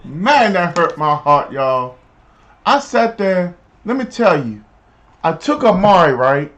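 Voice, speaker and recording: A man streaming a football video game, chatting casually and telling stories in an animated, slangy way. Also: high voice, slow, background noise. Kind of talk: casual live-stream chat while gaming.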